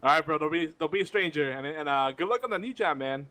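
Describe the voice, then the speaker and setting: A man's voice: on the high side, lively intonation, quick pace, bright, forceful tone. A man hosting a gaming podcast, moving the show along in a laid-back, chatty way. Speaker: podcast host.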